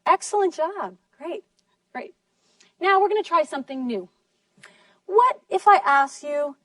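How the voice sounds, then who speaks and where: A woman teaching a class, slowly and clearly modeling sentences and praising her students. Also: extremely high pitch, animated, a bit bright, no echo, recorded from a distance. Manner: slow, deliberate, encouraging, models sentences clearly. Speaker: English teacher. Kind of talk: classroom lesson in two languages.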